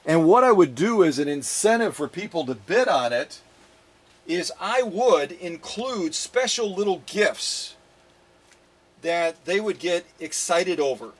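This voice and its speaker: A man hosts his own vlog in a chatty, playful way, talking straight to the camera. His voice sits a little on the high side. He drifts into jokey asides as he shows things off. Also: expressive, unhurried. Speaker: sewing machine restorer and channel host. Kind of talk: casual vlog chat to viewers.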